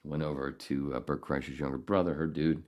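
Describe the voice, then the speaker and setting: A man's voice: a bass voice, fairly even intonation, brisk, darkish tone. An older man hosting a podcast, telling a rambling, profane story in a casual, ranting way. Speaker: podcast host.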